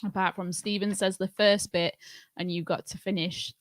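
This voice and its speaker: Woman, co-host, relaxed casual chat, dry close sound. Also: medium pitch, moderate pace, no echo. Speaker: quiz co-host.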